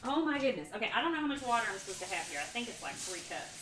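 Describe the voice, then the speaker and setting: Woman, casual cooking stream host, giggly and rambling, somewhat high voice, heavy background noise. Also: sing-song, rapid-fire. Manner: chatty, giggly, rambling, talks to viewers while cooking. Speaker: cooking livestreamer. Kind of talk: casual cooking livestream chat. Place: home kitchen.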